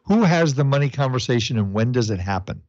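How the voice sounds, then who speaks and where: Man, podcast host, conversational, mid-pitched, muffled dry audio. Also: a little fast, no room sound. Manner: conversational, chimes in briefly, stammers when excited. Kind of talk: podcast interview.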